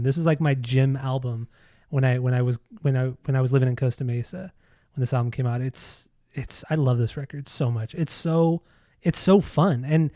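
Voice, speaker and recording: A man's voice: mid-range voice, mellow, dry recording, clean studio sound. A young man co-hosting a casual podcast, laughing often and swearing with enthusiasm. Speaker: podcast co-host. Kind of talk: casual chat.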